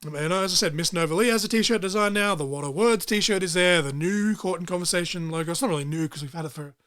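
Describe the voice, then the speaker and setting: A young man co-hosts a laid-back podcast in a slightly high voice. He rambles excitedly from one plug to the next, swearing freely as he goes. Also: fast. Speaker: podcast co-host. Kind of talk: casual podcast chat.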